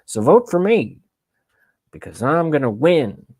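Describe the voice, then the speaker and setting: A confused old politician rambles in halting, repeated starts, as a man puts him on, pitched a little higher than a plain voice. The sound is dry and close, with no room around it, and his phrases trail off mid-thought. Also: very animated, a little mellow, slightly rough, no echo, full character voice. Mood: rambling. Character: rambling confused old male presidential candidate.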